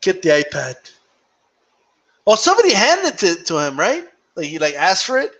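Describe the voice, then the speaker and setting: A man's voice: sits high, huge pitch swings, moderate pace, a bit bright. A young man chatting casually on a live boxing stream, laughing a lot, swearing freely, and slipping into Spanish when he quotes fighters. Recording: dull lo-fi stream audio.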